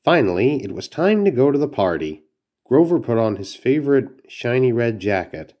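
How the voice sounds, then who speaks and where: A man's voice: mid-range voice, sing-song, moderate pace, a little mellow. A man reading a children's storybook aloud, carefully, with small slips and restarts. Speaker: narrator.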